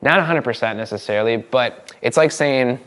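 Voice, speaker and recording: Energetic man teaching a live seminar. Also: medium pitch. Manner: energetic, demonstrative, talks to the room with quick asides. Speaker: NLP trainer. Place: seminar room with an audience.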